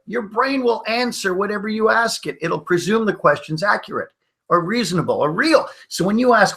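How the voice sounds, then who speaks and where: A man's voice: high voice, animated, moderate pace, gravelly, a bit bright. A middle-aged man teaching hypnosis in a webinar, telling stories and acting out the voices of the people he quotes. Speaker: hypnosis trainer.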